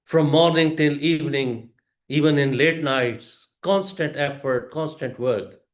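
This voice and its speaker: A man giving a prepared storytelling speech to a club audience, with a deliberate delivery, pauses and emphatic rises. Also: fairly high pitch, steady tone, echoey room.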